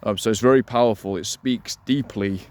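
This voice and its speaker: A dating coach with a resonant voice gives instructional talk to camera about voice and delivery. He's energetic and emphatic, repeats his key points, and deliberately slows and lowers his voice to demonstrate.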